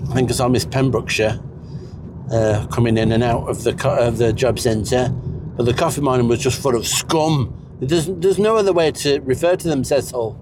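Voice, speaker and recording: A man in a comedic character chat, rambling in a deadpan way with snobbish asides. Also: medium pitch, background noise.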